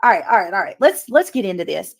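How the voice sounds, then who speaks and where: A woman's voice: mid-range voice, sing-song, fast talker, no echo. A woman hosting a casual livestream, talking earnestly to her chat and repeating her points for emphasis. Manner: talks to chat while reading comments. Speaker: livestream host. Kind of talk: casual live commentary.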